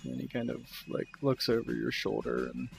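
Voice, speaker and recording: A man narrating a tabletop game as game master, in a relaxed, loose way. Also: medium pitch, moderate pace, vocal fry, slight background noise.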